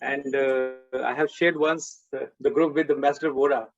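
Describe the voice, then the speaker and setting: A man's voice: mid-range voice, fairly even intonation, normal speed, highs cut off, soft background music. A man speaking hesitantly on a panel, with many fillers, over a video call. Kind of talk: panel discussion.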